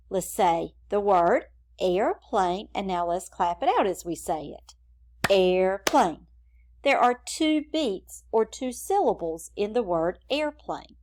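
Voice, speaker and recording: A woman's voice: medium pitch, darkish tone. A woman teaching a phonics lesson to young children in an encouraging classroom manner. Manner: slow, encouraging, sing-song classroom delivery.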